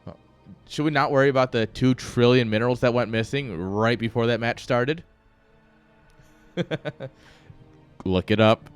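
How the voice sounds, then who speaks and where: This esports caster speaks at a medium pitch, a little slowly, leaving long pauses, his tone smooth against soft background music. Casting a strategy game live, the man rambles away from the action, tosses in joking asides and laughs at himself.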